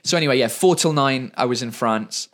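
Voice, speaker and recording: A man's voice: medium pitch, a little fast, fairly bright tone. A man in his thirties from England with an English accent, a comedian chatting as a guest in an interview. He talks fluently and repeats words when he searches for a phrase. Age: 30s. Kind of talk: casual interview chat.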